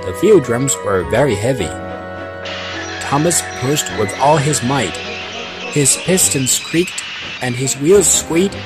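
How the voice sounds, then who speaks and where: A man reading a children's story as narrator, lively and slipping into a voice for each character. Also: medium pitch, slow pace. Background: background music.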